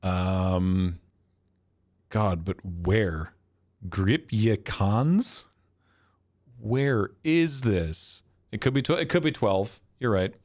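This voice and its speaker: Man, lowish voice, dry close mic, casual stream commentary, thinking aloud, chuckles at himself. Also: very slow, long pauses, darkish tone, dry recording. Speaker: streamer playing a geography guessing game.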